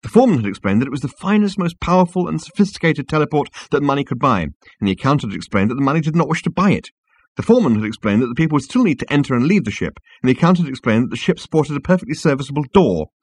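Husky man, dry studio sound, measured audiobook narration. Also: on the high side, sing-song, dry recording.

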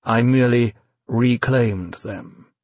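A man playing a gentle, courteous masked man. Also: medium pitch, slow, no room sound. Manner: soft, courteous, lightly amused.

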